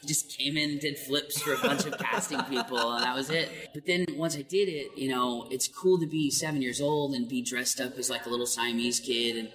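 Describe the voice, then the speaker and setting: Light-voiced man telling animated stories. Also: big-room sound, rough recording. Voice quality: light, high male voice. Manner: animated, laughing, quick asides. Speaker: voice actor. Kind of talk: casual interview storytelling.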